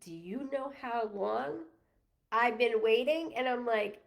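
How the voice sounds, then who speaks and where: Gravelly, chatty woman medium. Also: on the high side, slow pace. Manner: rambling, self-interrupting, laughs often. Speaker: psychic medium. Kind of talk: live-streamed reading, casual chat.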